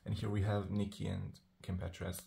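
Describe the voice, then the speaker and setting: A man's voice: deep voice, completely flat delivery, moderate pace, creaky, warm tone, slightly rough. A man vlogging to the camera in a rambling, chatty way, full of fillers and self-assured sass. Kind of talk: casual vlog monologue.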